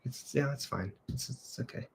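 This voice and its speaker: A man's voice: mid-range voice, normal speed, creaky, a little hiss or hum. A man from South Africa, a creative director, chatting casually on a livestream, greeting viewers and answering their comments off the cuff.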